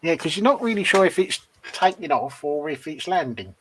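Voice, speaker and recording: Man, co-host, fairly high voice, lively melody, short agreeable replies, casual chat. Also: normal speed, noisy background. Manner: agreeable, short replies, some stammered restarts. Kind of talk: casual live-stream chat.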